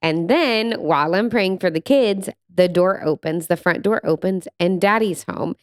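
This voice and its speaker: A woman with a fairly low voice co-hosts a podcast with her husband, telling a family story expressively at a moderate pace during casual chat. She laughs easily, and the studio recording is clean with no echo.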